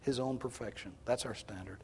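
A male pastor preaching a sermon, swinging from hushed tones to loud, emphatic exhortation. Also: medium pitch, fairly quick, husky. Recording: long hall reverb.

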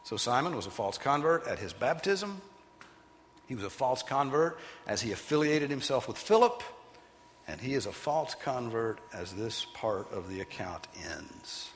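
A man preaching a sermon as pastor, animated and emphatic, sometimes putting on loud voices for the people he quotes. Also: mid-range voice, moderate pace, big-room sound, a little hiss or hum.

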